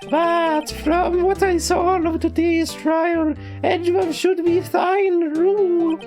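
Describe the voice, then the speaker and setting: A man voicing a pompous older male lawyer in a game, with a high, drawn-out, sing-song delivery. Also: little pitch movement, darkish tone, soft background music, heavily acted. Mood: grandiose. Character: pompous old male lawyer, reminiscing, theatrical.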